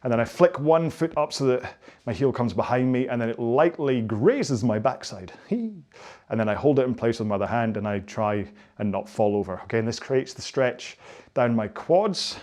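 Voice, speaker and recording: A middle-aged man talks viewers through stretches after a rowing session. He keeps it loose and chatty, pokes fun at himself and drifts into rambling asides. His voice sits at an ordinary middle pitch for a man. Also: normal speed, darkish tone. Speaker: rowing coach. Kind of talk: follow-along workout instruction.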